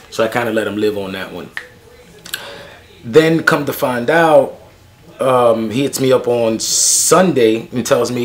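A man's voice: on the low side, normal speed. A young man ranting to camera in a casual vlog, slangy and annoyed, with lots of fillers as he tells a story. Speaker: sneaker vlogger.

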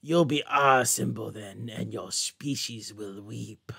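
A man voicing a menacing vampire villain who talks slowly and low. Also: creaky, pushed and bright, husky, heavily acted. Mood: gloating.

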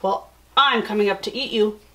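A woman voicing a grumpy old male troll in a children's story, speaking slowly and a bit louder. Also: mid-range voice, close to an everyday voice.

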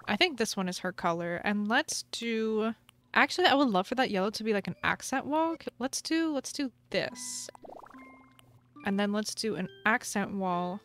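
A young woman hosting a gaming channel, chatting through gameplay in a bubbly, gushing, excitable way. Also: on the high side. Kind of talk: casual gameplay commentary.

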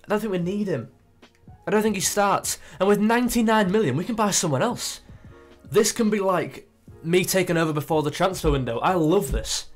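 A man's voice: sits high, fairly quick, soft background music. Chatty young man narrating gameplay. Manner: chatty, excitable, thinks aloud. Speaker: gaming YouTuber. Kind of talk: casual gameplay commentary.

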